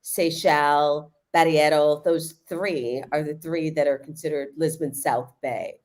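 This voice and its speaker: A woman living in Lisbon, giving casual, animated explanations on a livestream and laughing often. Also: low-pitched, a little slow. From United States.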